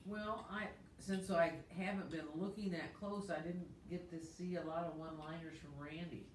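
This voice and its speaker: A woman's voice: fairly low pitch, steady tone, moderate pace. A woman pastor chats casually on a church livestream, talking between bites of food. Her voice is caught from a distance in an echoey kitchen, with a faint hiss under it. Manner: chatty, talks while eating. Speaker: pastor and co-host. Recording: echoey room, mic far off.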